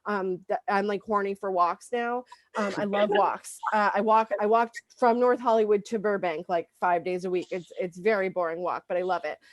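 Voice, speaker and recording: A woman's voice: mid-range voice, fairly even intonation, normal speed, no echo. Woman, stand-up set, rambling, um-filled, dry close sound, video call. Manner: rambling, full of ums and likes. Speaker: stand-up comedian.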